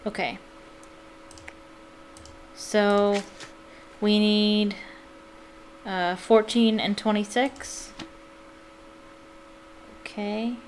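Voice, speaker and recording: Slow, musing woman playing a game. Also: medium pitch, level tone, slight background noise. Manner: musing aloud, hesitant, many fillers. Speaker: let's play gamer. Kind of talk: casual game commentary.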